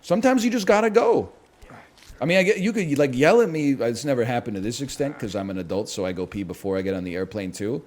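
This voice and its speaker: A male game streamer telling a long story in loose, rambling chat. He talks with wry, profane energy and jumps into little acted-out quotes, at a middling pitch for a man. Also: animated, quick pace, darkish tone. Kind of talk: casual rambling storytelling while gaming.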